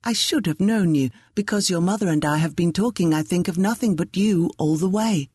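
A woman voicing a gentle, troubled young aristocratic woman in an audiobook, speaking softly and earnestly. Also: lowish voice, a little fast, husky, dry recording, clean studio sound. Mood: polite.

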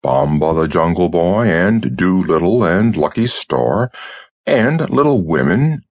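Vague young agent, slightly raised voice, husky and dry, narrator doing him. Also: male voice, low-pitched, lively intonation, slow, dry recording, heavily acted. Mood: reminiscing. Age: 20s. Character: young male FBI agent, vague and easygoing.

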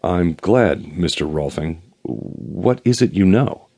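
A male audiobook narrator voicing a private investigator with a clipped, all-business manner who keeps his voice calm. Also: deep voice, slow pace, creaky, husky, full character voice. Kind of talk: audiobook character voice.

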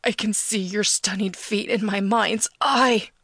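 A woman voicing a creepy male prank caller who pleads in a slow, hushed, leering way. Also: medium pitch, steady tone, no echo.

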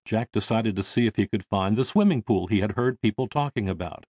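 A man's voice: fairly low pitch, fairly quick, darkish tone, no room sound. A man reading an audiobook aloud as the narrator, telling the story expressively on a close mic.

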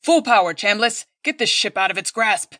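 Woman narrator playing a starship captain, male, gruff, barking orders, dry close sound. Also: mid-range voice, lively intonation, slow pace, no room sound.

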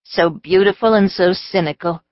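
A woman voicing an earnest, persuasive young male professor in his late twenties, a smooth talker, in an audiobook. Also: sits high, normal speed, no room sound, close to an everyday voice. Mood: earnest pleading. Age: late 20s. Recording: slightly dull audio.

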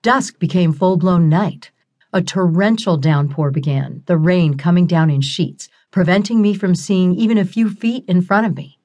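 A woman reads a first-person audiobook in a wry, expressive storytelling manner. Her voice sits a little low for a woman. She keeps the narration flowing and lively. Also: moderate pace, lo-fi sound.

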